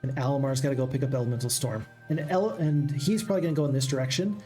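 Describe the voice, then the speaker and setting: A man's voice: mid-range voice, racing, dark tone, faint music behind. A man hosting a gaming channel, giving casual play-by-play commentary on a strategy game, chatty and thinking aloud.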